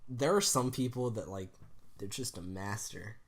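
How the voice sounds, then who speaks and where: A young man co-hosting a podcast in casual chat, laughing often and adding quick asides. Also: on the low side. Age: young adult. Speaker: podcast co-host.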